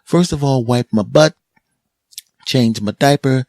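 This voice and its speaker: A man's voice: medium pitch, a little slow, darkish tone, dry recording, clean studio sound, voice pushed up, natural voice. A man voicing a rambling, bossy baby boy who talks like a grown-up. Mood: chatty. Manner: rambling, matter-of-fact, bossy. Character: chatty bossy baby boy, talking like an adult.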